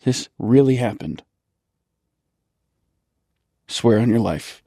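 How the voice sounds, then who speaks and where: A man's voice: mid-range voice, expressive, slow pace, vocal fry, dark tone, dry recording, clean studio sound. A man in an improvised comedy bit, reacting with mock-earnest disbelief. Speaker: podcast comedian.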